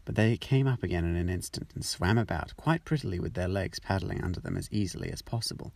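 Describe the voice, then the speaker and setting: Gravelly, husky male storyteller. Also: low-pitched, quick pace, no echo. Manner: expressive, steady storytelling. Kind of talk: fairytale reading.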